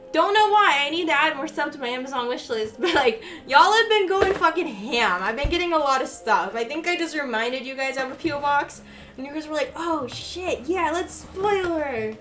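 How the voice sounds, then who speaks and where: Chatty high-voiced young woman streamer. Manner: chatty, swears freely, gushing. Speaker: livestreamer. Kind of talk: casual chat while unboxing.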